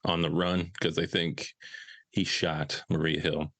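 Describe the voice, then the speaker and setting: A man from Minnesota co-hosting a podcast in casual chat, laid-back and quick with quips. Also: low voice, level tone, fairly bright tone, no room sound. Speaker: podcast co-host.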